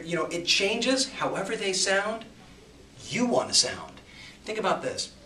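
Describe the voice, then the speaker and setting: An energetic man with a slightly high voice delivers a punchy sales coaching talk, swinging from loud bursts to quiet asides. He is recorded in an echoey room from a little way off the mic, with a faint hiss underneath. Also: distant mic. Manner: energetic and emphatic, with big swings in loudness.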